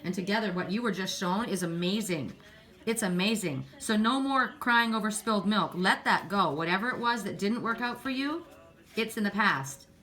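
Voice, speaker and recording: A woman doing a casual spiritual card reading. She often repeats words, clears her throat and rises in pitch when excited. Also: normal speed. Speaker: oracle card reader.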